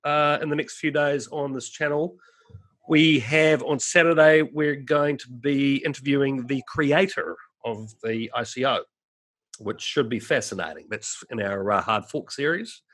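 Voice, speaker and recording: A man's voice: mid-range voice, unhurried, a bit bright. A man hosting a casual video chat, talking loosely with many fillers and restarts. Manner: chatty, filler-heavy, frequent restarts. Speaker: host.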